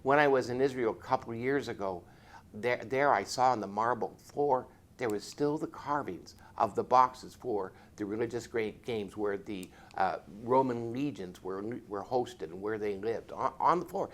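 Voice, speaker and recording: A man's voice: medium pitch, expressive. Earnest man telling a faith story. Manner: earnest, storytelling, with repeated phrases and pauses. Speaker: former police chaplain telling a testimony. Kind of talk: spoken faith testimony.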